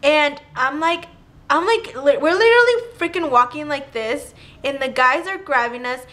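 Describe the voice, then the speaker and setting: Bright-voiced young woman telling a story. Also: high voice, normal speed. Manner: animated retelling with filler "like", acting out quotes. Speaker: vlogger. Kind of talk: casual storytime.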